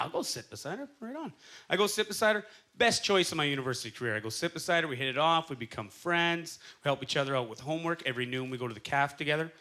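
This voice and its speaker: Bright, high-voiced man doing stand-up. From Canada. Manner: storytelling, acting out quoted voices. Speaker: stand-up comedian. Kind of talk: stand-up comedy set. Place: comedy club stage. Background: audience laughter.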